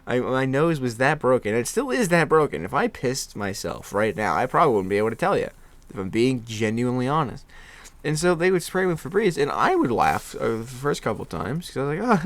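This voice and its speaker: A young man in his twenties tells a personal story in a casual, self-mocking way. His voice moves a lot, with big swings of pitch as he laughs at himself. He keeps stopping and restarting mid-sentence. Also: lively intonation, moderate pace. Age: 20s. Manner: self-deprecating, laughs often, many restarts. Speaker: podcast host.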